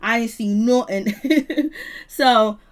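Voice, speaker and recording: Animated woman host, sassy and gossipy as she recaps a reality show live. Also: on the high side, moderate pace.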